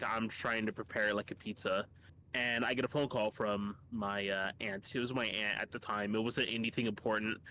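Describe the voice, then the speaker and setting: A man chatting casually on a livestream, telling rambling work stories full of swearing. He mimics other people by jumping into a high voice. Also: sharp tone, slight background noise. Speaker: streamer.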